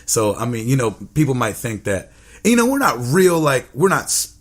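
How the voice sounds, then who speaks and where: A man's voice: medium pitch, sing-song, moderate pace. A man guest speaking earnestly and reflectively in a casual interview.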